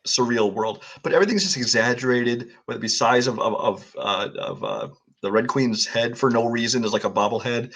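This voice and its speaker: A man co-hosts a movie review chat, speaking quickly in a husky voice. He sounds critical and keeps jumping in with corrections. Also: medium pitch, a bit bright. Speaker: podcast co-host.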